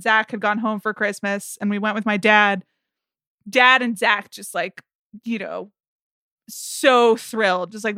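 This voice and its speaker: Woman cohost on a movie podcast, wry and teasing, bright crisp voice. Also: no room sound, studio quality. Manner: wry, jumps into high mocking voices for quotes. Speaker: podcast co-host. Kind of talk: casual film chat.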